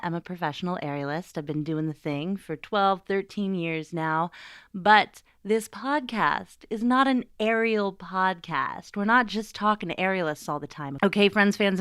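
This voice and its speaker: A woman's voice: mid-range voice, clear, resonant tone, no room sound, studio quality. Chatty, playful woman podcast host. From United States. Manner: chatty and playful, lively asides. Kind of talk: podcast monologue.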